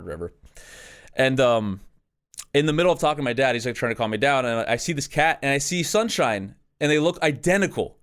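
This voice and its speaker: A young man holds forth on a podcast, spinning a personal story in loose casual chat. He swears freely, trips over himself and restarts sentences as he gets worked up. His voice sits at an ordinary, mid-range pitch. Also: brisk. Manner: animated, swears often, frequent restarts. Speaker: podcast co-host.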